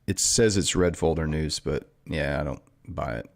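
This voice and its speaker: A man's voice: very deep voice, moderate pace, creaky. A man hosting a trading live stream, chatting casually and reading viewer comments in a rambling, offhand way. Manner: rambling, offhand, self-correcting.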